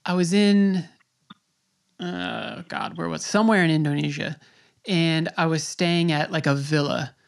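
A man's voice: fairly high pitch, fairly even intonation, a little slow, gravelly, smooth. A man from New York City hosting a podcast, chatting in a rambling way and laughing easily. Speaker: podcast host. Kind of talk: casual interview chat.

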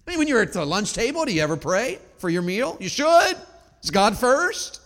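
A man preaching a sermon, moving between loud exhortation and quiet storytelling. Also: high voice, sing-song, normal speed, big-room sound. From Tennessee. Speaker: pastor.

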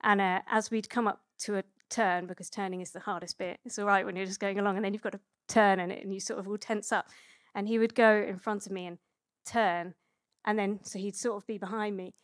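Chatty woman giving a relaxed sermon. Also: medium pitch, brisk, no echo, clean studio sound. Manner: chatty and relaxed, with many fillers and self-corrections. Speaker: preacher. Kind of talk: conversational sermon.

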